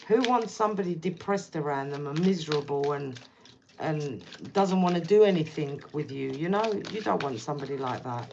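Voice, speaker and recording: A woman's voice: sits low, expressive, moderate pace, creaky, a little mellow, muffled recording, a little hiss or hum. A woman giving a casual tarot reading, speaking bluntly and repeating herself as she addresses the viewer directly. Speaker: tarot reader.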